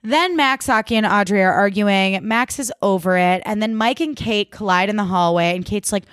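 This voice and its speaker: A woman's voice: medium pitch, moderate pace, few pauses, smooth, no echo, studio quality. A woman hosting a podcast, recapping a TV episode in casual chat, swearing freely and saying "like" a lot. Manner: chatty, swears freely, lots of "like". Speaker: podcast host.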